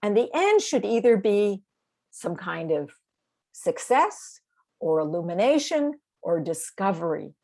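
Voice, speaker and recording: A woman's voice: mid-range voice, very animated, a little slow, a little mellow. A woman directing a speech training course over a video call, explaining assignments in an encouraging, step-by-step way. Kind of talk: online training session.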